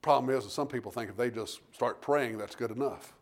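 A man preaching a sermon in a folksy storytelling way, calling out for amens and swinging between loud emphasis and hushed tones. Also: medium pitch, fairly quick. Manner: folksy storytelling, calls out "Amen?".

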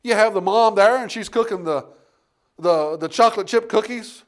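A man preaching a sermon with a fairly high voice. He tells homespun stories and keeps calling out for amens. He swings between booming emphasis and hushed, low asides. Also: moderate pace. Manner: folksy storytelling, calls out "Amen?".

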